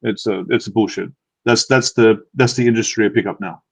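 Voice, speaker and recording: A man's voice: on the low side, fairly even intonation, a little fast, vocal fry, poor audio. A man with an Australian accent, hosting a live dating-advice Q&A in a casual, rambling way with lots of fillers and restarts. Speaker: dating coach, live Q&A host. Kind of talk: casual live-stream chat.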